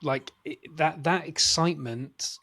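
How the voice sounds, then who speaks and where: A man's voice: fairly high pitch, a little slow, sharp tone, slightly rough. Man, chatty film podcast co-host. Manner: chatty, retells scenes with laughter. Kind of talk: casual film review chat.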